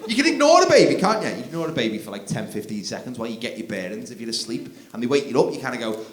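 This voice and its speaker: A man doing live stand-up comedy on a theatre stage, swinging from mumbled asides to shouted outbursts. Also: medium pitch, sing-song, racing. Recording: roomy live theatre recording with crowd. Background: laughing audience.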